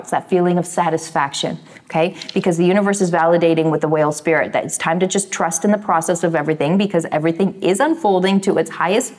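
A woman talks through a recorded tarot reading. She speaks in a calm, soothing and encouraging way. She often checks in with the listener by asking "right?". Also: fairly low pitch. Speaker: tarot reader.

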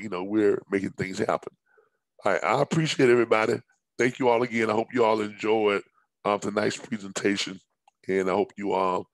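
Hoarse man, low and dry. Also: no echo. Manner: halting, many fillers and restarts. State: scratchy, hoarse voice. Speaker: business presenter. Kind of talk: live-streamed business presentation.

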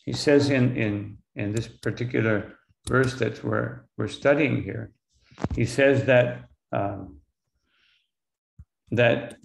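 A man, a monk, lecturing on scripture in a halting way, with many fillers and "no?" tags, slowing down for Sanskrit terms. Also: medium pitch, gravelly, echoey room. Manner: slows for Sanskrit terms and quotes.

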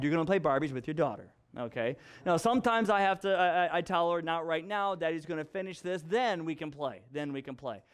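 A male pastor preaching a storytelling sermon, animated and acting out dialogue with playful voices. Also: sits high.

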